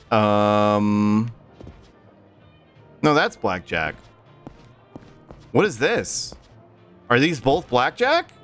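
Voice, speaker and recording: A man's voice: medium pitch, a bit bright. A young man casually streaming a game, swearing, laughing and chatting with viewers. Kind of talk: casual gameplay livestream chat.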